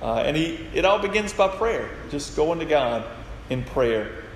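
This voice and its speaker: A man's voice: fairly high pitch, lively intonation, measured pace. A man preaching a sermon, retelling stories and acting out the quoted lines. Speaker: pastor. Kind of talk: sermon with storytelling. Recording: echoey hall with faint noise.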